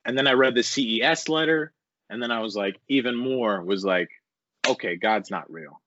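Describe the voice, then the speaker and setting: A young man talking as a podcast guest, telling a rambling, animated story full of swearing and filler words. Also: mid-range voice, moderate pace, a little hiss or hum. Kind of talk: casual storytelling interview. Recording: dull, dry lo-fi recording.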